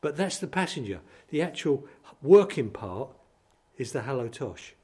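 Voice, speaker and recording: Older man, from East London, blunt punchy talker, interview anecdotes, medium pitch. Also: sing-song, moderate pace, a little mellow, slightly rough. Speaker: advertising executive guest. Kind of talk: interview storytelling.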